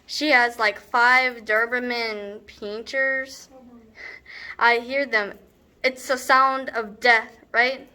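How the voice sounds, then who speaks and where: A woman's voice: on the high side, fairly even intonation, slow pace, bright, forceful tone. A young woman performing a comedic monologue as a brash, scornful teenage girl, rambling with sarcastic asides. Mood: exasperated. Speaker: student actor.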